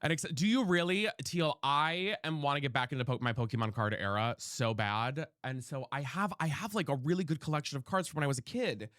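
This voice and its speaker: A man's voice: fairly high pitch, brisk, hardly any pauses, fairly bright tone, no room sound, clean studio sound. A young man streaming from his room at home, chatting casually while he plays, greeting viewers by name and swearing freely. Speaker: live streamer. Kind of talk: casual live-stream chat while playing a game.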